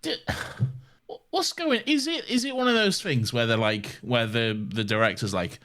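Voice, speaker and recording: Male podcast co-host, sweary film ranter, very expressive pitch. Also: measured pace. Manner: swearing, ranting, laughs often. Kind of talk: casual film chat.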